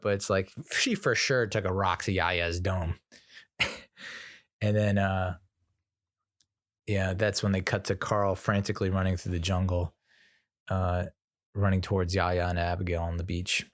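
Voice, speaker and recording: A man's voice: sits low, no room sound, studio quality. A young man, casually retelling scenes from a movie and laughing at his own stumbles as a podcast host. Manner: rambling, laughs at himself, retells scenes with acted quotes. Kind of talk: casual solo review.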